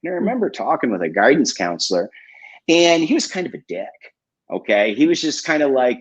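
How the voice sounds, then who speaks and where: A man's voice: on the high side, sing-song, fairly quick, husky. Candid, profane man telling his story. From Michigan, USA. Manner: candid and profane, with many fillers. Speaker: guest coach. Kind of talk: casual storytelling in a live interview. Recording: dull lo-fi online stream.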